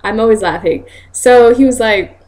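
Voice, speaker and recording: A woman's voice: normal speed, darkish tone. Chatty laughing young woman vlogger. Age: young adult. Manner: chatty, laughs often, acts out quotes in high voices. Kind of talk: casual storytelling vlog.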